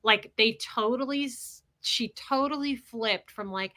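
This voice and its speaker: Brief: candid, blunt woman streamer, bright and a little high. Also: normal speed, few pauses. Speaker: livestream host. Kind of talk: casual storytelling livestream.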